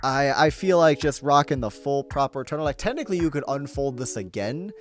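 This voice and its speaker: A man's voice: mid-range voice, lively intonation, a little fast, faint music behind. A man casually chatting with his viewers during a live game stream, upbeat and laughing often. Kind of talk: casual live-stream chat while playing.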